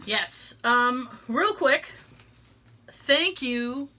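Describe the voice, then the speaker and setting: A woman's voice: high voice, expressive, very slow, bright, forceful tone. A woman co-hosting a podcast in casual chat, talking in a rambling way with lots of fillers and restarts. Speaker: podcast co-host.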